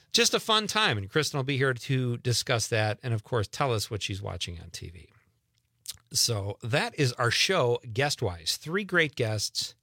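A man's voice: mid-range voice, bright, forceful tone, no room sound, studio quality. Chatty man hosting a radio show. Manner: chatty, rambling, self-deprecating asides. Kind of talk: casual radio chat. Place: radio studio. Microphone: studio microphone.

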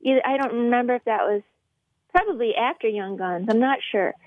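A woman comedian chatting as a radio guest, giggly, rambling and excitable. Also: fairly high pitch, normal speed, no echo, phone-quality sound. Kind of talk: casual radio chat.

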